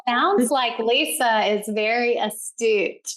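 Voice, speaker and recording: A woman's voice: a little high, slow. A woman co-hosting a podcast in casual chat, reflective and long-winded in a roundabout way. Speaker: podcast co-host.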